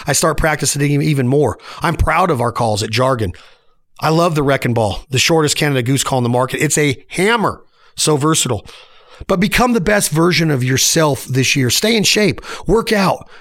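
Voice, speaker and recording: A man in his forties delivers a fired-up solo rant as a podcast host. His voice sits a little high for a man, and he talks in emphatic, punchy bursts. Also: a bit bright. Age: 40s.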